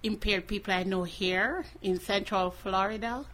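A woman speaking as a guest in a radio studio interview, earnest and measured. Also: medium pitch, steady tone, fairly bright tone, a little hiss or hum.

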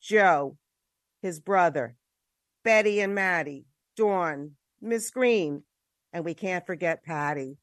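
A woman's voice: lowish voice, expressive, slow pace, dry recording, clean studio sound. A woman with a New York accent, a radio co-host reading a listener's poem in an upbeat, rhythmic way.

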